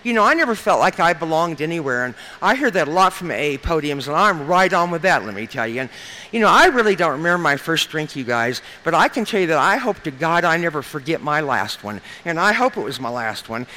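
A woman's voice: sits low, sing-song, a little fast, pushed and bright. An older woman from Nebraska sharing her recovery story at a meeting podium, talking in a frank, folksy, joking way and often calling the room "you guys.".

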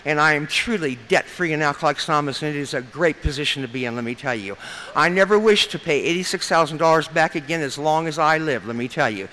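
A woman's voice: low-pitched, quick pace, fairly bright tone, rough recording. A woman in her fifties from Nebraska, speaking at a recovery meeting in a chatty, humorous storytelling style, often addressing the crowd as you guys. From Lincoln, Nebraska. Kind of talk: storytelling talk at a podium.

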